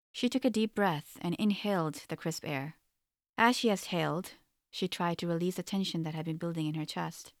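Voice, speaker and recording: A woman narrating a story in an audiobook, with a steady, measured reading. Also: deep voice, dry recording, studio quality.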